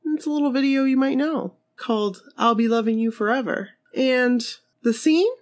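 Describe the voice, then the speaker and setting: A woman's voice: sits high, moderate pace. A woman co-hosting a podcast in casual chat, giggly and emotional, sniffly with a cold. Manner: giggly, emotional, laughs to tears. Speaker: podcast co-host.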